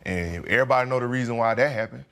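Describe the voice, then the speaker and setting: A man's voice: mid-range voice, very fast, creaky, a bit bright. A young man, speaking candidly and casually as a football player guest in an interview, full of slang and "you know".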